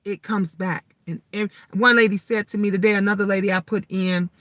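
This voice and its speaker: A middle-aged woman telling stories in a casual live chat. She is emphatic, swears freely, and gets louder and higher when riled up. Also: steady tone, a little fast, no echo. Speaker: live stream host.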